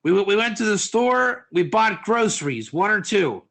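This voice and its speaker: A man teaching a lively class, constantly quizzing his listeners and mixing Hebrew terms into his English. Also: sits high, normal speed, gravelly. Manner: animated, quizzes listeners, asks for answers. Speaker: Torah teacher.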